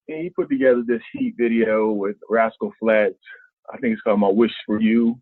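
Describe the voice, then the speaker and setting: Animated man storytelling over a phone line. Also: a little fast, slightly rough, no room sound. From Ohio. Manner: animated, colloquial, acts out quotes with big pitch jumps. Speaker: guest, former basketball player. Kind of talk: casual storytelling. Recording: tinny phone-line sound.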